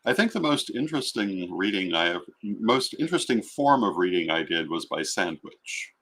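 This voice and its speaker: A middle-aged man telling stories in a reflective, relaxed chat. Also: deep voice, moderate pace. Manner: reflective, storytelling. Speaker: guest. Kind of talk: casual chat.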